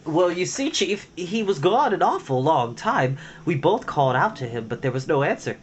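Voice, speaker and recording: A man's voice: a little high, very animated, normal speed, a little hiss or hum, pitched above the performer's own voice. A man doing a whiny blustering rat henchman. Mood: anxious. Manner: babbling, whiny.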